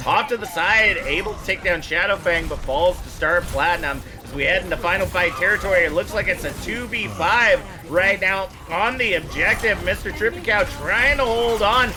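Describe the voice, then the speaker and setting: A man casting a live online match, calling the plays quickly with many fillers and asides. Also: sits high, crowd noise. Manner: quick, excitable calls with frequent fillers. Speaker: esports caster. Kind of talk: live play-by-play commentary.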